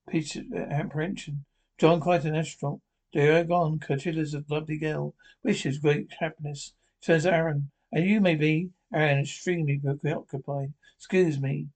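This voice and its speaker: Halting man retelling a story. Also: a little high, little pitch movement, a little mellow. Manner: halting, with restarts and ad-libbed asides. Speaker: reader retelling a TV episode. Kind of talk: informal plot narration.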